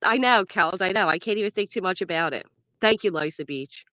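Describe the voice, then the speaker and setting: Her voice medium-pitched, brisk and a bit bright, a woman in her thirties hosts a relaxed livestream, reading the chat and greeting viewers by name. There's no echo, and the sound is dull and dry.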